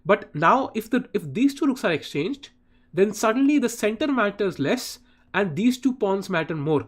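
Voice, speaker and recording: A man's voice: sits high, animated, moderate pace, breathy edge. A man commentating live chess on a stream, chatting with viewers and often saying "guys". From India. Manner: chatty, addresses chat viewers by name, often says "guys".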